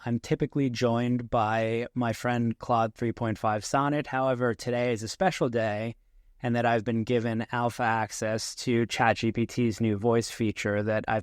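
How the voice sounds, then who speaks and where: A man hosts his podcast in a relaxed, chatty way, often restarting his sentences. His voice sits at a mid pitch. The sound is dry and close on a desk mic. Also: clear, resonant tone, dry recording. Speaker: podcast host. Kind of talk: casual podcast talk.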